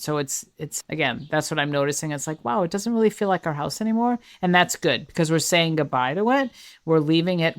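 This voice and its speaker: A woman in her fifties hosting her own podcast, talking through her feelings in an earnest, searching way, thinking aloud with restarts. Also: low voice. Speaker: podcast host. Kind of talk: reflective solo podcast talk.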